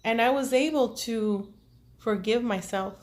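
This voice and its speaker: A woman with children, speaking to her viewers in an emotional, halting personal monologue as a tarot reader, tearful at times. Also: a little high. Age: adult with children. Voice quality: earnest, halting, with many restarts and fillers. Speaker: tarot reader and self-care vlogger.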